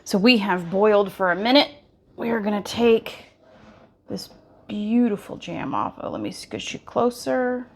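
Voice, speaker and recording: In her home kitchen, a cooking vlogger stirs and chats in a folksy way with her audience, giving a casual demonstration. Her medium-pitched voice is gravelly and darkish in tone, animated but measured in pace.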